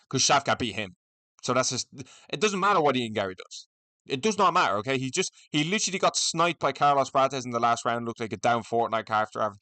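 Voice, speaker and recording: A man's voice: medium pitch, a bit bright, dry recording. A young man, hosting casual solo commentary on fighting matchups, rambling, swearing and repeating himself. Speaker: MMA commentary channel host.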